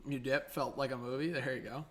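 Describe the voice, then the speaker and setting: A man's voice: mid-range voice, steady tone, brisk. A young man hosting a live hockey reaction stream, chatting casually and reading viewer messages aloud.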